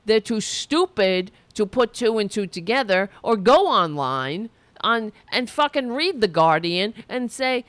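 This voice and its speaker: Woman host, angry sarcastic political rant, lots of swearing, very lively pitch, slow deliberate delivery. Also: dry recording. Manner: profane, sarcastic, heated.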